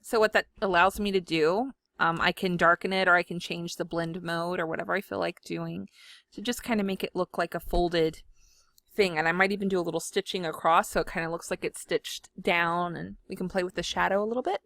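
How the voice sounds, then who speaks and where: A woman, chatting casually from home while she demonstrates design software, giggly and self-deprecating. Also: on the low side, fairly even intonation, brisk, vocal fry, no echo, clean studio sound. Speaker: scrapbooking video host. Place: home room.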